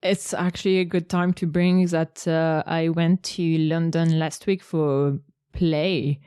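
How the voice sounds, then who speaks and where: A woman's voice: sits low, little pitch movement, measured pace, dark tone, clear, resonant tone, dry recording, clean studio sound. A woman co-hosting a podcast, chatting casually and hesitantly with many fillers. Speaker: podcast co-host. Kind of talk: casual chat.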